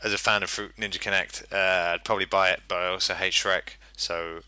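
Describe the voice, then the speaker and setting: A man's voice: deep voice, flat delivery, fairly quick, bright, forceful tone, smooth, no room sound. A man hosting a casual podcast chat, teasing and joking, often restarting his sentences. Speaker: podcast host.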